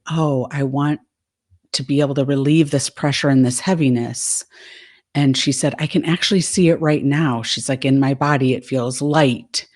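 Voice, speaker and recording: A woman life coach in a casual monologue, retelling a session and quoting the dialogue back and forth. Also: very deep voice.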